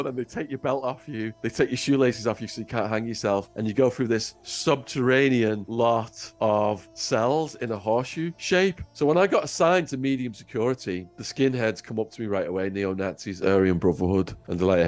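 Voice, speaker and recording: A man's voice: on the low side, expressive, moderate pace, hardly any pauses, soft background music. An English man, a guest on an interview show, telling his own story in a vivid, dramatic way. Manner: vivid, acts out voices.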